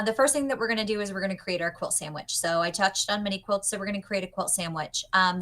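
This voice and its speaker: A woman's voice: mid-range voice, pushed and bright. Woman, young adult, chatty, upbeat, step-by-step teacher, video call audio. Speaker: pattern designer guest. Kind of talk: demonstrating a pattern on a livestream.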